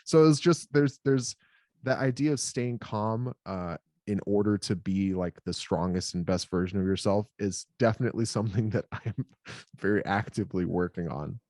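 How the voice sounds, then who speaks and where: Male podcast co-host, lowish dry voice, loose rambling storyteller. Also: moderate pace, darkish tone, no room sound. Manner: rambling storyteller, heavy on filler words. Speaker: podcast co-host and new father. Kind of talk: casual podcast conversation.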